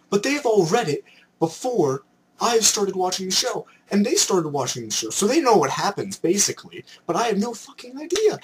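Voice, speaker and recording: Young man, from Canada, excitable rant, slightly high voice, faint hiss behind. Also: brisk. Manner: excitable, animated ranting with mock voices. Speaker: vlogger. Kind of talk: ranting vlog.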